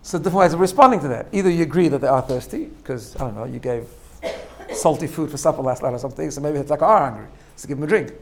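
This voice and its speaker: A man's voice: on the high side, lively intonation, rapid-fire, gravelly. A man giving a spoken lesson, explaining step by step with frequent "right?" checks and repeated phrases. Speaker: teacher. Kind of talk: spoken lesson on self-growth.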